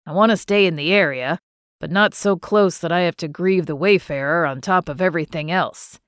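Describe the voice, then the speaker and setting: Audiobook: woman reads kindly grieving old man of about eighty, slow, lowered voice, dry booth. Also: clean tone, no room sound, natural voice. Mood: wistful. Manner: slow, wistful, fond teasing.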